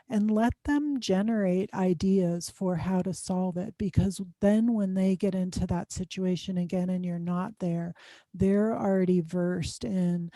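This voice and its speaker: A woman's voice: fairly low pitch, a little slow, warm tone, no room sound. A woman speaking as a guest expert in an interview, explaining advice conversationally with frequent "um" fillers. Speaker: guest expert on student success.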